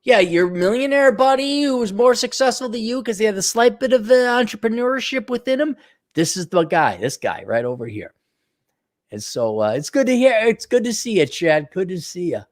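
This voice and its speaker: A middle-aged man talks on a casual livestream, rambling from one remark to the next. His pitch swings widely as he mocks, teases and jumps into loud put-on voices. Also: sing-song, normal speed, no echo, clean studio sound. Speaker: livestream host.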